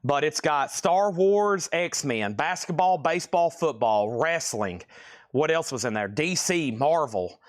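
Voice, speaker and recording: A man's voice: a little high, lively intonation, unhurried, no echo, studio quality. A man hosting a livestream sale, chatty and rambling, a little out of breath, calling out items and bids as he thinks aloud. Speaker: live sale host. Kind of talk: livestream auction patter.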